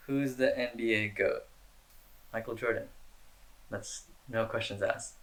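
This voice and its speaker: A man's voice: mid-range voice, moderate pace, pauses often, a bit bright, reverberant. A young man answering fan questions in a casual, rambling chat, full of slang and fillers. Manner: laid-back, rambling, slangy with lots of "dude" and "like".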